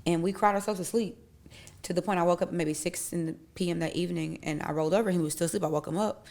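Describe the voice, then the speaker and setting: Podcast guest, young woman, low gravelly voice, candid storyteller who acts out quotes. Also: fast. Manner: candid, animated retelling with acted-out quotes. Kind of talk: casual conversation, personal storytelling.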